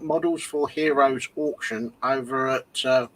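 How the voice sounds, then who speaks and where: A man co-hosting a casual livestream chat, relaxed, mostly giving short replies. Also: mid-range voice, unhurried, low-quality recording. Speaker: livestream co-host.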